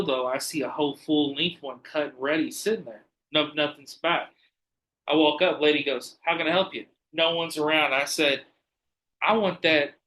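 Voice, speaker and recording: A man spins animated stories, acting out the people in them and swearing freely. His voice is bright and forceful and sits a little high. Casual podcast chat. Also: slight background noise, low-quality recording. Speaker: podcast guest.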